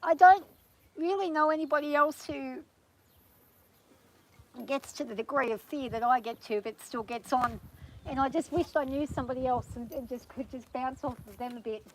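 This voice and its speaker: Woman, slightly high voice, nervous, soft and soothing, casual vlog, outdoors on a farm, faint background noise. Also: moderate pace, rough recording. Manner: nervous, soothing, talks gently to her horse. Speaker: vlogger riding her horse on her farm.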